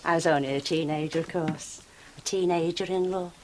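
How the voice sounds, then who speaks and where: A woman's voice: low-pitched, steady tone, brisk, a little mellow, slight background noise, lightly acted, low-quality recording. An actress playing a chatty, nostalgic older woman.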